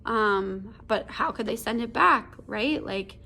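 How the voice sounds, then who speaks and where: A woman's voice: on the high side, slow pace, creaky, bright, forceful tone, heavily acted. A woman doing a prim haughty old lady. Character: prim, self-righteous older lady.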